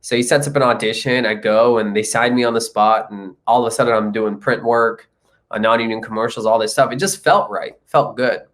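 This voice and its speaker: A man's voice: medium pitch, fairly quick, fairly bright tone. A young man from India, a comedian and actor, telling his life story in a casual interview and acting out the people he quotes.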